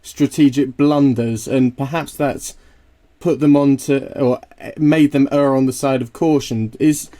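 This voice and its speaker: Mellow-voiced man posing questions. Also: mid-range voice, steady tone, unhurried. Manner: thoughtful, questioning. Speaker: podcast host. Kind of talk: podcast interview questions.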